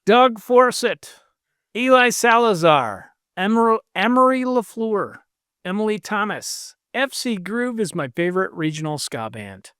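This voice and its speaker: Slow, lively-voiced podcast host reading names. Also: medium pitch, clear, resonant tone, no echo, studio quality. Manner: playful, deadpan jokes between names. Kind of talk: casual comedic chat, reading supporter names.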